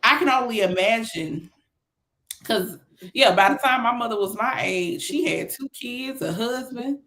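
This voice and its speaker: A woman's voice: a little high, expressive, measured pace, a bit bright. A woman co-hosting a casual podcast, telling stories in a laid-back, colloquial way. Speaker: podcast co-host. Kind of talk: casual chat.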